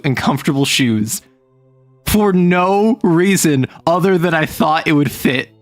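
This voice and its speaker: Animated man chatting on stream. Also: a little high, no room sound. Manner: animated, rambling storyteller who laughs often. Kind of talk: casual chat.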